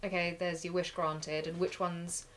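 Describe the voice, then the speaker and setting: A woman's voice: fairly low pitch, level tone, a little slow, slight background noise. Critical woman reviewing a film. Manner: critical, questioning. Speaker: podcast co-host. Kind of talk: casual film review chat.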